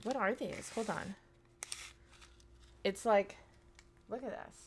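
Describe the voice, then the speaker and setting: A woman's voice: mid-range voice, slow, slight background noise. A woman in her thirties chatting casually to her live-stream audience, rambling with plenty of fillers. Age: 30s.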